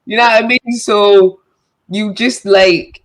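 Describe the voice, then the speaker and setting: A woman's voice: medium pitch, fairly even intonation, slow, poor audio. A woman chatting as a radio show guest, talking in a loose, filler-heavy way. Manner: chatty, lots of fillers and likes. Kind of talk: casual radio chat.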